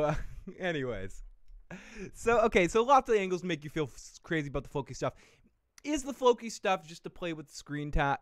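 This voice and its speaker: Smooth-voiced man in a joking TV recap. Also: on the high side, dry recording, studio quality. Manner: rambling, profane, jokey. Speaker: TV recap host. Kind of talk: casual live-stream recap.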